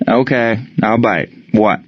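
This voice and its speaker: A man voicing a calm, reasonable American team leader. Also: fairly low pitch, slow pace, slightly rough, dry recording. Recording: dry, dull lo-fi sound.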